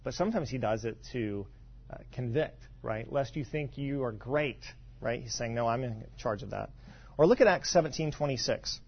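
A man's voice: medium pitch, brisk, breathy edge, lo-fi sound. A man from western Kentucky preaching a sermon in a conversational, storytelling way, with frequent asides and repeated words. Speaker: pastor.

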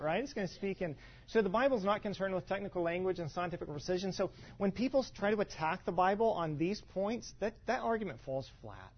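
Male pastor, higher voice, rambling teaching style with asides, muffled recording. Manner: conversational, many fillers and restarts, rhetorical asides. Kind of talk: teaching talk to a congregation. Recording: dull lo-fi sound.

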